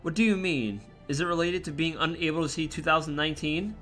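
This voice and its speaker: A man's voice: on the high side, fast talker, fairly bright tone, soft background music, natural voice. A man voicing a cold, gloating male villain mage in a game, lecturing with contempt.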